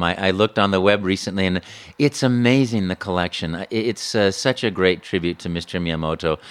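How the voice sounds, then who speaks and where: A man, a voice actor, telling a story in an interview in an animated way, with frequent stammers and restarts. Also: fairly low pitch, smooth.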